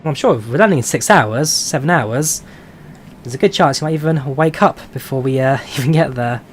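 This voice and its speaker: Reading out viewer questions and answering them with frequent "uh"s, a male flight sim streamer chats casually on a live stream while piloting a simulator. He's from London, England, has a London accent, and talks at a fairly quick pace at medium pitch. There's a faint hiss or hum.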